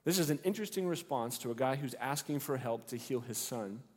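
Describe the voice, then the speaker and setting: A man's voice: mid-range voice, expressive, a little fast, a little mellow, slightly rough. A male pastor preaching a sermon, retelling the story expressively and acting out the characters' lines. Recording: long hall reverb.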